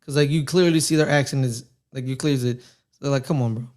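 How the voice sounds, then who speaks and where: A man's voice: mid-range voice, steady tone, fast talker, a little mellow. A man chatting casually on a live watchalong stream, telling a long anecdote with lots of restarts and fillers. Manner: rambling storyteller, many restarts, puts on voices in anecdotes. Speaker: co-host. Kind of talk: casual chat during a watchalong.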